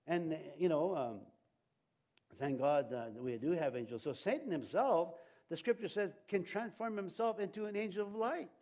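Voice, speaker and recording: A man preaching a sermon as pastor, in a rambling, halting way with many restarts and fillers, chuckling between points. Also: on the high side, darkish tone.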